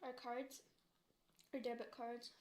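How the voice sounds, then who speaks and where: A woman's voice: a little high, flat delivery, slow, darkish tone. A young woman from the United States chatting casually to viewers, telling a story with lots of "like" and fillers. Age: young adult. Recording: roomy echo.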